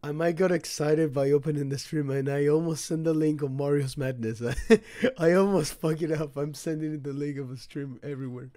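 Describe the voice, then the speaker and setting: A man's slightly high voice comes through dry and clean, with studio sound, as he streams a game live. He talks at a normal speed with fairly even intonation and hardly any pauses, chatting casually while swearing and loudly reacting to the action.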